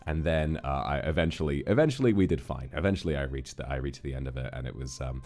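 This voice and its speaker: A man's voice: very deep voice, expressive, quick pace, hardly any pauses, dark tone. A man chatting casually on a livestream, rambling and restarting his sentences with repeated words, in a reflective, amused way. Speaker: streamer.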